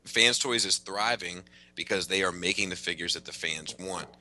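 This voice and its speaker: A man's voice: sits low, moderate pace, a crowd in the background, low-quality recording. A man hosting a casual podcast, ranting emphatically with plenty of profanity. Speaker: podcast host.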